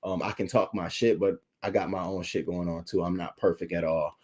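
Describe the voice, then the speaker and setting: A man's voice: deep voice, fairly even intonation, a little fast, darkish tone. A young adult man hosting a livestream, talking candidly and emotionally to his chat, holding back tears and thanking viewers by name. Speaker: YouTube livestream host.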